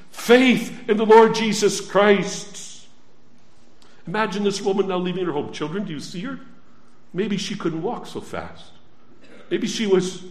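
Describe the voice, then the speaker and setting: A man with a high voice preaches slowly to his congregation, pressing each phrase and repeating it. His delivery drops to a hush, then swells loud again. The room around him rings with echo. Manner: emphatic, repeating phrases, swinging from hushed to loud. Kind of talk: sermon.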